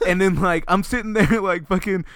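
A man's voice: sits high, steady tone, a little fast, fairly bright tone, smooth, no room sound, studio quality. A young man telling a story in casual chat, rambling and sprinkling it with "like" and swearing.

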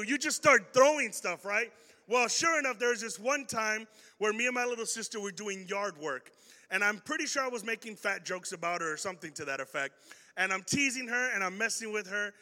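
A young man tells a story to a live audience at a youth talk. He is animated and joking, and he keeps turning to the crowd. His voice is high, very bright and sharp, and it echoes through a big hall. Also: a little fast. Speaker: youth speaker.

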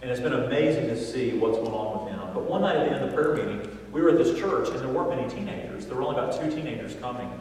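A man preaching a sermon as a pastor, telling stories with animated, emphatic delivery. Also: medium pitch, racing, hardly any pauses, slight background noise. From Southern United States. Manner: animated storytelling, builds to loud emphatic points. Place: large church sanctuary. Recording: echoey church hall from far off.

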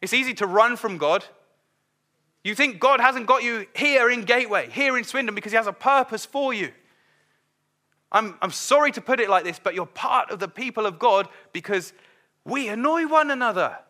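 Bright-voiced preacher, lively. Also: male voice, extremely high pitch, normal speed. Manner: lively, conversational, acts out quoted voices. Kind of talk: sermon.

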